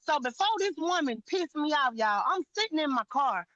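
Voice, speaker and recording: Woman, high bright voice, blunt and swearing, dull lo-fi stream sound. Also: lively intonation, normal speed, no echo. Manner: blunt, profane, emphatic. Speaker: guest on a live panel. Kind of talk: heated storytelling chat.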